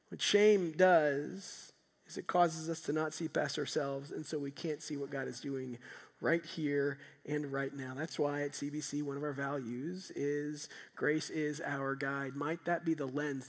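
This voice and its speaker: A man preaching a sermon as pastor, animated, swinging from loud emphatic peaks to soft, quiet stretches. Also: on the high side, unhurried. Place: church sanctuary. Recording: long hall reverb.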